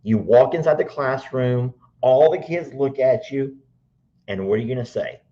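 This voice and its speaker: A man's voice: medium pitch, moderate pace, warm tone. A middle-aged man hosting a live stream in a chatty, teacherly way. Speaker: livestream host. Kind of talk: casual live-stream chat. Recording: dull lo-fi sound.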